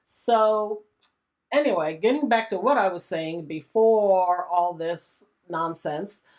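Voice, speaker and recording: A woman's voice: on the low side, slow, darkish tone. A woman hosting a gaming channel, giving casual let's-play commentary in a chatty, exasperated way and often laughing.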